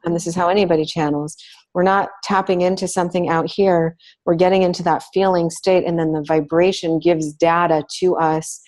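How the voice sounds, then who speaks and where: A woman with a notably low voice hosting a spiritual teaching talk. She lingers on her words and draws each phrase out in a slow, deliberate rhythm. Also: little pitch movement, darkish tone. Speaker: host.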